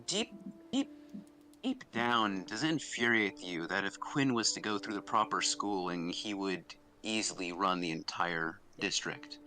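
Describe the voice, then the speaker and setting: Bright-voiced man needling with questions. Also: low voice, lively intonation, measured pace, soft background music. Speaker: player. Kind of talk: in-character role-play.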